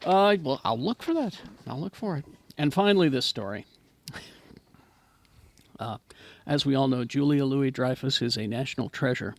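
A man hosting a casual group chat about movie news, joking around and dropping deadpan impressions. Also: medium pitch, normal speed, gravelly, long pauses, no echo. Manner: jokey, trades in deadpan one-line impressions. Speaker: podcast host reading movie news.

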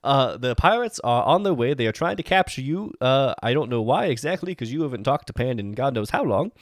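Lively, chatty male player. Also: mid-range voice, a little fast, no room sound, studio quality. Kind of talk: in-character tabletop play.

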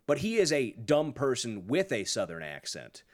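A man's voice: mid-range voice, wildly swooping pitch, moderate pace. A man hosting a podcast, giving sarcastic, profane political commentary in a mocking tone. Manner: sarcastic, swears a lot, mocking. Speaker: podcast host.

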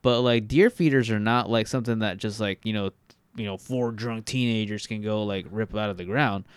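A man's voice: lowish voice, fairly even intonation, normal speed, clear, resonant tone, dry recording. A man from Texas, co-hosting a podcast, chatting casually and rambling with many fillers and restarts. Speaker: podcast co-host. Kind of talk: casual chat.

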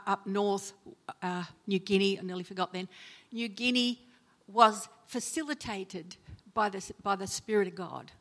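A woman preaching a sermon, telling personal stories and acting out the people she quotes with sudden emotional lifts. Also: medium pitch. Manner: storytelling, acts out quoted voices with sudden loud emotional lifts. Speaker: preacher and chaplain.

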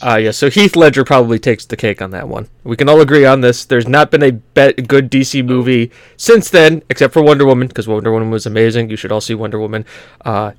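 A man's voice: mid-range voice, fairly even intonation, no echo. Rambling male podcast host, dry sound. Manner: rambling, filler-heavy, quick to laugh. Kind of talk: casual chat.

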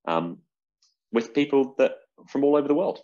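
A man's voice: medium pitch, lively intonation, moderate pace, warm tone. A British man hosting a podcast, chatting casually about magic in a rambling, self-mocking way. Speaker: podcast host. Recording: dull lo-fi sound.

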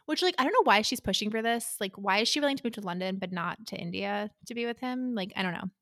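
A young woman co-hosting a podcast, chatting casually and retelling a book's scenes in an opinionated, animated way. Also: mid-range voice, fast talker, no room sound, studio quality. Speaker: podcast co-host. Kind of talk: casual chat discussing a romance book.

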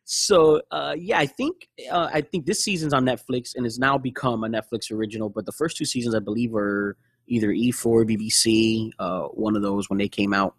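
A man's voice: mid-range voice, moderate pace, hardly any pauses, slightly rough, no room sound, studio quality. A young man hosting a casual podcast chat, rambling and repeating words as he goes. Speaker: podcast host.

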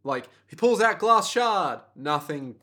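A man's voice: a little high, big pitch swings, slow pace, sharp tone. A man co-hosting a casual anime podcast, teasing and playful, swearing casually. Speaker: podcast co-host. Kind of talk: casual anime recap chat.

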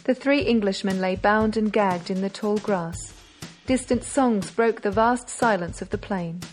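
Woman, audiobook narration, measured, dramatic, mid-pitched, faint music. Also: a little mellow.

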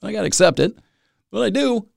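A man's voice: sits high, animated, brisk, gravelly, a little mellow, dry recording, studio quality. A man hosting a solo podcast, rambling and self-mocking with dramatic asides. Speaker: podcast host.

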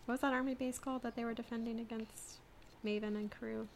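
A woman's voice: fairly high pitch, steady tone, fast talker, a little mellow, slight background noise. A woman co-hosting a podcast over a remote call, easygoing, with dry asides. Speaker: podcast co-host. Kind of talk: casual chat.

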